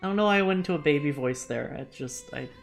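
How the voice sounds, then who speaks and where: A woman streamer giving live commentary as she plays, chatty and thinking out loud, with jokey self-deprecating asides. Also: sits low, animated, fast, gravelly, soft background music. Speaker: VTuber streamer.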